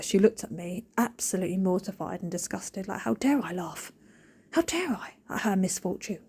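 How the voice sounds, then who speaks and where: A woman, rambling in a jokey, animated way as she talks over her cleaning video. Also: medium pitch. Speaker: cleaning vlogger. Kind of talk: chatty voiceover.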